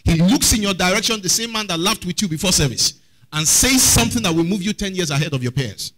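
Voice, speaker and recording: A man's voice: high-pitched, expressive, fast talker, fairly bright tone, rough recording. A man preaching a sermon as pastor, often asking the congregation questions.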